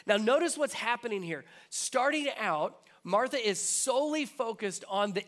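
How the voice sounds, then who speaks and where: A man's voice: extremely high pitch, lively intonation, normal speed, hardly any pauses, a bit bright. A man preaching a sermon as pastor, earnest and repetitive, building his emphasis step by step. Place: church.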